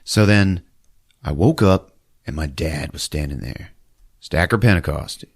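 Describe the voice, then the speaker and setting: A man with a very low voice hosts a comedy podcast, retelling a film's plot with loose, animated energy. He keeps breaking into squeaky put-on voices for the characters. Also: unhurried, slightly rough. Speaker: podcast host recapping a movie. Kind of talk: comic movie recap.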